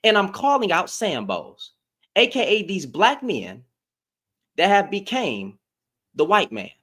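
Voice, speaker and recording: A man's voice: high voice, huge pitch swings, unhurried, fairly bright tone. A man ranting casually to camera as an online commentator, heated and emphatic and firing off rhetorical questions.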